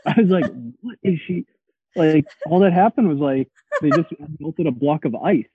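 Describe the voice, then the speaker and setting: Husky man on a tinny line. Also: on the high side, normal speed, no room sound. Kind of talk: casual chat. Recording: tinny phone-like dry sound.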